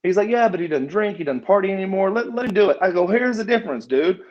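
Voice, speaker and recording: In a muffled, lo-fi recording, a middle-aged former pro wrestler appears as a guest in a casual shoot interview. His voice sits high and sounds animated as he rambles quickly through a story, stumbling over and restarting words and acting out what people said.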